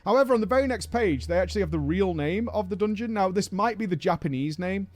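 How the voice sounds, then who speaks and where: A man's voice: high-pitched, animated, quick pace, a little mellow, no room sound. A man casually reporting on a game press event, chatty and hedging, with frequent fillers. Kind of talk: casual video commentary.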